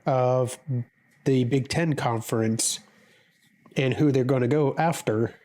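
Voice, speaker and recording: A man's voice: medium pitch, takes it slowly, darkish tone. Stuffy-nosed man with a cold. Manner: hesitant, repeats words, fillers. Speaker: podcast co-host. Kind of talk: casual sports podcast talk.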